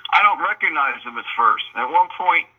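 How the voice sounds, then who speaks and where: A man phoning in to a radio show, telling a story in an animated, indignant way. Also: on the high side, normal speed, slightly rough. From New York. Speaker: caller. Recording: tinny phone line.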